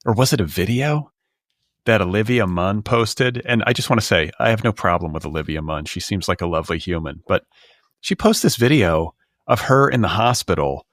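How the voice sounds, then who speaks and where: A man's voice: lowish voice, animated, moderate pace, a bit bright, no room sound, clean studio sound. A middle-aged man hosting a podcast, talking in a rambling, exasperated way full of "like" and restarts. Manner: rambling, filler-heavy, exasperated. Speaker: podcast host. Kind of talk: casual comedic chat. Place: Los Angeles.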